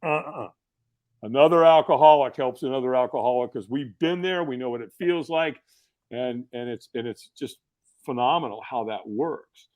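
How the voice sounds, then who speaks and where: A middle-aged man telling stories as a podcast guest, in a casual, animated way full of fillers and restarts. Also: mid-range voice, moderate pace. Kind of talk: casual storytelling.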